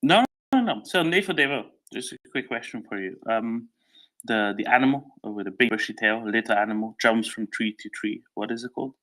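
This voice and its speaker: A man's voice: medium pitch, brisk, bright, forceful tone, poor audio. A man on a panel who explains languages in a precise, explanatory way. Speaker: panel speaker.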